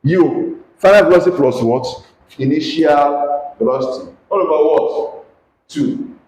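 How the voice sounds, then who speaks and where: A man's voice: on the high side, measured pace, darkish tone, echoey room, low-quality recording. A man with a Nigerian English accent teaching a physics lesson, questioning students and coaxing them to answer aloud. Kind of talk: classroom lesson with call-and-response questions.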